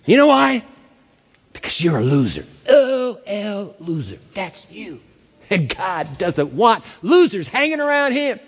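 A man's voice: high-pitched, sing-song, measured pace, husky, big-room sound, pitched above the performer's own voice, exaggerated voice. A man voicing a sneering male devil who taunts and mocks his listener. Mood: taunting. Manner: mocking, jeering, repetitive taunts.

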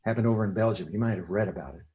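Husky-voiced male pastor preaching. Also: on the low side, racing, muffled recording. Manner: conversational preaching that swings between emphatic and hushed. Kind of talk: sermon.

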